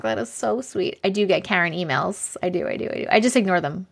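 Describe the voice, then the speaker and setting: A woman's voice: mid-range voice, expressive, fast talker, gravelly, hardly any pauses, a bit bright. A young woman hosting a live stream, chatting casually, laughing often and reacting to viewer comments. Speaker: live-stream host reading viewer stories.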